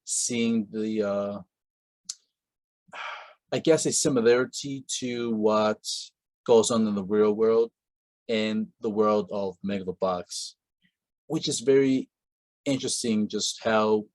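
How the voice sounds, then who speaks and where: A man's voice: fairly low pitch, darkish tone, no echo. A man hosting a casual interview, talking in long rambling stretches with many fillers and restarts. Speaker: podcast host.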